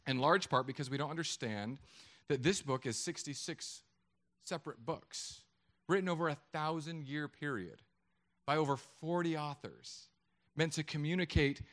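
A middle-aged man preaching a sermon, joking with the congregation in an animated way. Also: on the high side. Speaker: pastor.

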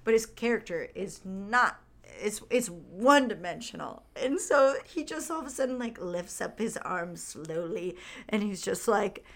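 A woman co-hosting a casual movie podcast, her voice sitting at a middle pitch. She talks in an animated way and slips into quick impressions as she retells scenes. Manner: animated, re-enacts scenes with put-on quotes. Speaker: podcast co-host. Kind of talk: casual movie review chat.

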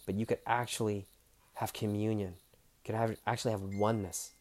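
A man's voice: lowish voice, level tone, a little fast, a little mellow. A man telling his personal story candidly, swearing freely and acting out the dialogue. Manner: emotional, close to tears.

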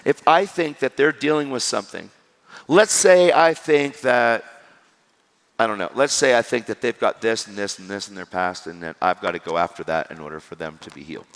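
A man's voice: on the low side, quick pace, hardly any pauses, fairly bright tone. A man preaching a sermon, telling stories animatedly and acting out the dialogue. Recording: hall reverb with crowd.

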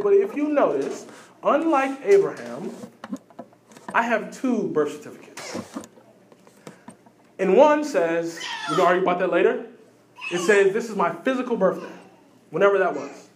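Preacher guy, kinda high voice, lively sermon, lots of echo in the church. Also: a little hiss or hum. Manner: animated preaching with quick asides and repeated phrases. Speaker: pastor.

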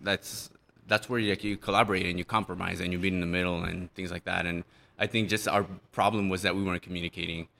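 Low, bright-voiced man in casual chat. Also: fairly even intonation, fast talker, creaky, slight background noise. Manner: loose, rambling, laughs often and swears. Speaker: band member guest.

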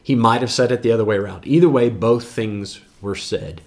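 A man's voice: medium pitch, brisk. A man teaching through a Bible passage verse by verse, conversational, with asides to his listeners.

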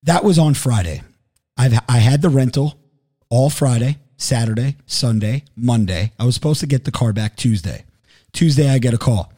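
A man telling a story in a casual chat, animated and profane, acting out both sides of phone calls. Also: medium pitch, moderate pace.

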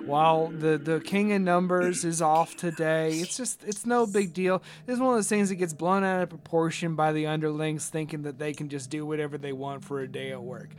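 A man's voice: fairly high pitch, fairly even intonation, a little fast, few pauses, a little hiss or hum, natural voice. A man doing a breezy, cocky young dude. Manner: breezy and dismissive. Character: laid-back, cocky young man who shrugs off trouble.

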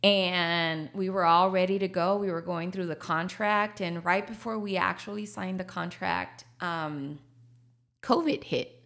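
A woman's voice: on the low side, steady tone, unhurried, vocal fry, fairly bright tone. A woman, a coffee shop owner talking casually in an interview, laughing often and slipping into Spanish. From Texas.

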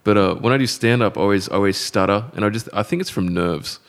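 Low-voiced Australian podcast host. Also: male voice, quick pace. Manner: easygoing, stutters now and then. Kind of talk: casual podcast chat.

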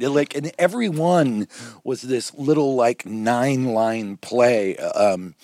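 Animated male director telling stories. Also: medium pitch, unhurried, no room sound, studio quality. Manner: animated storyteller, quotes people in voices. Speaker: film director. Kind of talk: conversational anecdotes.

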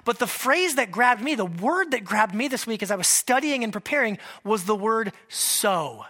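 A man's voice: high voice, animated, moderate pace, pushed and bright. A man preaching a sermon as pastor, talking conversationally and checking in with the congregation. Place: church in Washington state.

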